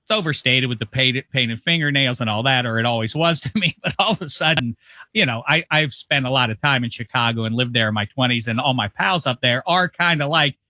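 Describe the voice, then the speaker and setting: A man from the Rust Belt talking sports on a video call, rambling and animated, with lots of restarts. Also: medium pitch, a little fast, dry recording. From US Midwest, Rust Belt. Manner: rambling, animated, does mock voices. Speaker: football show host, guest.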